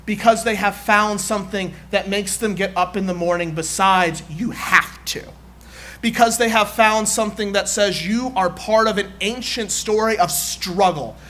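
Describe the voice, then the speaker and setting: A man's voice: sits high, normal speed. A man preaching a sermon in a church, in rhythmic, repetitive oratory. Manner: builds to shouted call-and-response chant. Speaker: guest preacher. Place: church sanctuary.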